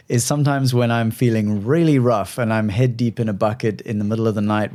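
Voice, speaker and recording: A man hosting a conversational podcast interview, relaxed and talkative, laughing at his own slips of the tongue. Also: lowish voice. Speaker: podcast host.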